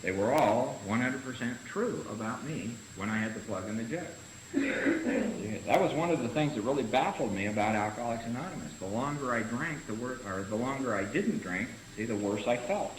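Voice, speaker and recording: A man's voice: medium pitch, lively intonation, a little fast. A man leading a recovery-group study session, talking in short punchy phrases and often tagging them with "see?". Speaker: Big Book study leader. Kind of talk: recovery group teaching talk. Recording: echoey room with faint hiss.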